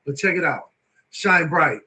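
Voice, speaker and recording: A man hosting a live show, excitable and emotional, repeating words and filler phrases as he talks. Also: a little high, a little slow, poor audio. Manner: excitable, emotional, repeats words and "you know what I'm saying". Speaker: host.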